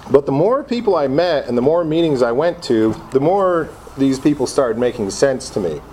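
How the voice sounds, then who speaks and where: A middle-aged man from Connecticut tells his story to a group, mocking himself as he replays his past reactions. His pitch swings widely, and a faint hum sits in the background. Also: big pitch swings, moderate pace, mellow. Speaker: speaker sharing his recovery story. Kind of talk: personal recovery talk to a group.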